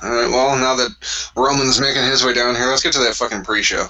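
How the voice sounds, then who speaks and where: A man co-hosting a loose podcast chat, talking with a sharp, bright tone. He jokes, laughs easily and swears casually. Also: mid-range voice, steady tone, fast, poor audio. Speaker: podcast co-host. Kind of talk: casual live-reaction chat.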